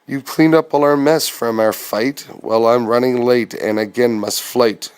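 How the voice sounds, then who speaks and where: A man's voice: medium pitch, fairly even intonation, a little slow, a little mellow, smooth, lightly acted. A man doing jolly old Santa Claus. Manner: jovial, scolding rhymed lines.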